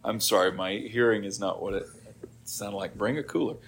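A man's voice: fairly low pitch, normal speed, gravelly, a bit bright, husky. A middle-aged man preaching a sermon as pastor, acting out quoted grumbling and prayers in a dramatic way.

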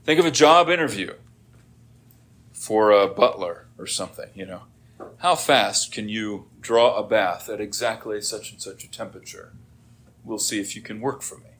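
Middle-aged male pastor, unhurried sermon delivery, dramatic quoted voices. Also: on the low side, a bit bright, slightly rough. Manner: slow, dramatic preaching with voiced prayers and quoted grumbling.

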